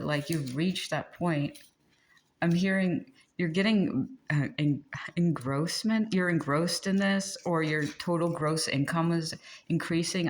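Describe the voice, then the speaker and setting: Woman, low voice, giggly tarot reader, gentle and chatty. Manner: giggly, chatty, laughs often; gentle and encouraging. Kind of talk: casual tarot reading.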